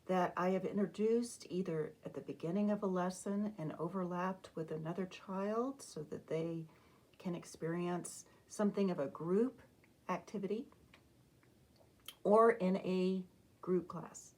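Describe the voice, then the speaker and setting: A woman music teacher, possibly middle-aged, patiently explaining a lesson to other teachers. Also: darkish tone. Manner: slow, patient explanation that breaks into sung, high-pitched demonstrations. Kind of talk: instructional talk to teachers.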